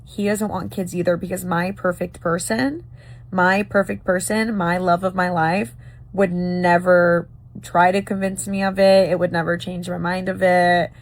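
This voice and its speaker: A woman's voice: lowish voice, level tone, unhurried. Emphatic woman ranting to camera. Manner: emphatic, repeats phrases, apologetic asides. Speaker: social media commenter. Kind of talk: casual opinion monologue to camera.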